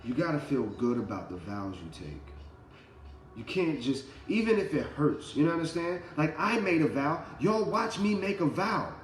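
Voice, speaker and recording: Animated man telling a motivational story. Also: mid-range voice, moderate pace, echoey room. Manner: animated storytelling with slang and swearing. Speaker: motivational speaker. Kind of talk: casual motivational talk.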